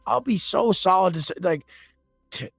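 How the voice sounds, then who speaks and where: A man's voice: sits high, animated, moderate pace, gravelly, a bit bright, slightly rough, dry recording, soft background music. A man as a podcast guest, telling blunt, aggressive stories and swearing constantly, often acting out confrontations. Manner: acts out quoted confrontations. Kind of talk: profane storytelling in a podcast interview.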